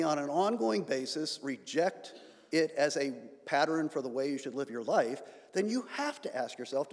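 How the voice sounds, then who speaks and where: Man preaching in a reverberant church. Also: on the high side. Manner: rising emphatic delivery with sarcasm. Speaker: pastor. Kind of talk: sermon. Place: church sanctuary.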